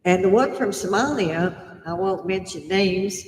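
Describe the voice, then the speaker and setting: A woman's voice: medium pitch, expressive, unhurried, slight background noise. An older woman in her seventies, chatting casually and laughing often as she tells stories on a live stream. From United States. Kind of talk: casual storytelling. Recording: echoey room with long reverb.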